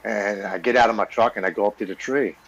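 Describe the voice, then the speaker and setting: A man's voice: lowish voice, fairly even intonation, fast talker, fairly bright tone, dull audio. A man in his forties telling his own recovery story as a podcast guest, earnest and blunt, stumbling over repeated words. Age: 40s. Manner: earnest, stammering repeats while recounting; blunt, with casual swearing.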